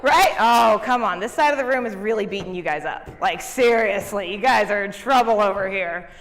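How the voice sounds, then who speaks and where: On a conference stage, a woman business coach delivers a motivational keynote in a mid-range voice at a brisk pace. She's energetic and laughs often as she addresses the crowd.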